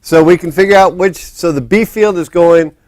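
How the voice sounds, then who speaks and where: A man's voice: sits high, normal speed, a little mellow, no room sound. A man lecturing a physics class in a casual, rambling way, often restarting his sentences. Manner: rambling, restarts often, talks while setting up. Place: lecture hall.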